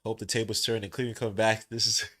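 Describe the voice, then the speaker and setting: A man hosting a live basketball watch-along stream, talking casually in slang, swinging between loud outbursts and low muttering. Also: level tone, fast. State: tired, yawning. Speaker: podcast host doing a live watch-along. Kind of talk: casual live game commentary. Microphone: streaming setup mic.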